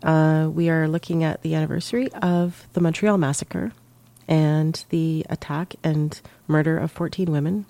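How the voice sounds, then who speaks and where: A woman in her forties or fifties from Canada, croaky from a cold, co-hosting a casual chat in a reflective, halting way. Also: low-pitched, fairly even intonation, warm tone, dry recording. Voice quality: gravelly. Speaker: co-host.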